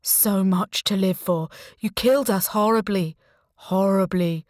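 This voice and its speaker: Woman voicing ghostly dead men's heads, slow, drawn-out, mournful, louder, dry sound. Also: mid-range voice, no echo, lightly acted. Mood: accusing. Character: moaning ghostly heads of dead men, accusing.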